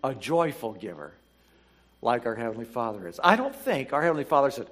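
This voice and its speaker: A man preaching a sermon, reading scripture slowly and building to emphatic, animated exhortation. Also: medium pitch. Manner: reads scripture slowly and deliberately. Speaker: pastor.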